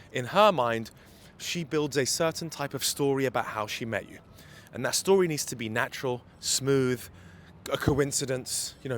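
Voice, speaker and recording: A man's voice: medium pitch, a little hiss or hum. Emphatic man vlogging on a city street. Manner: emphatic, repeats key points. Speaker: dating coach. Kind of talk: walking vlog advice. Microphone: handheld phone.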